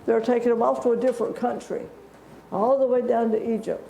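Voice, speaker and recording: A woman's voice: on the high side, fairly even intonation, fairly quick, creaky, dark tone, slight background noise. A woman teaching a Bible story to children in a church, chatty and asking them questions. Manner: conversational, asks the children questions. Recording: echoey church room.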